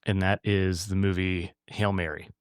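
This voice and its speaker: Low-voiced man chatting on a podcast. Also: little pitch movement, normal speed, smooth, no room sound, clean studio sound. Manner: rambling, restarts, laughs at own jokes. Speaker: podcast co-host. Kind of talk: casual chat.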